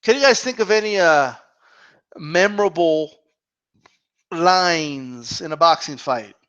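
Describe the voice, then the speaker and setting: High-pitched man, casual live Q&A host, rambling, swears a lot, dull lo-fi audio. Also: expressive, slow pace, fairly bright tone, smooth. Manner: rambling and profane.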